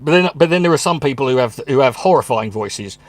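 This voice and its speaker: This man's mid-range voice is animated and fast, recorded with no room sound. He's a stand-up comedian and channel host giving a loose, profane, halting monologue from his room at home.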